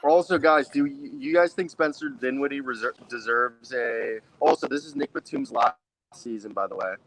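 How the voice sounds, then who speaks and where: A man's voice: medium pitch, normal speed, a bit bright, poor audio. A man co-hosting a casual basketball talk show, offhand and jumping between topics. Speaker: co-host. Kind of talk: casual sports chat.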